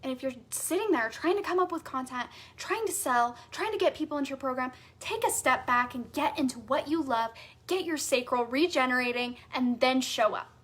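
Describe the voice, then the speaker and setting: A woman with a high, bright-toned voice teaches a live coaching masterclass. She talks casually with "like" and "right?" and leans on repeated phrases for emphasis. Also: brisk. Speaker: sales and human design coach.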